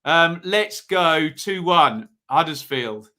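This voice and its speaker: A man's voice: fairly high pitch, lively intonation, slow pace, pushed and bright. A man hosting a live football predictions stream, chatting casually, thinking aloud and reading out viewers' comments.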